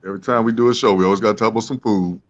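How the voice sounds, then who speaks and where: A man's voice: fairly low pitch, fairly even intonation, racing. Man teasing, dull lo-fi sound. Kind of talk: casual chat.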